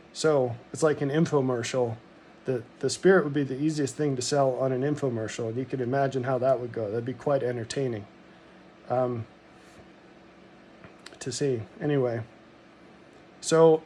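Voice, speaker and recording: A man's voice: medium pitch, a little mellow, a little hiss or hum. A middle-aged man from Montana telling a personal story in a rambling, reflective monologue, full of ums and restarts.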